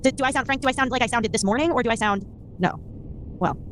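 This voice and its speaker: A woman hosting a podcast, speaking in a higher, girlish voice, playful and giggly with casual swearing. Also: fast, a bit bright, slight background noise. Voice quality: higher, girlish "baby voice" today. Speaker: podcast host. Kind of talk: casual chat.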